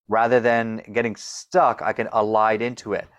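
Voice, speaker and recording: A man's voice: lowish voice, normal speed, smooth. Man with a stutter, explaining eagerly. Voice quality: stutters, repeating opening sounds. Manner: explains with demonstrations, energetic. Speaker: guest coach. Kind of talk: conversational interview.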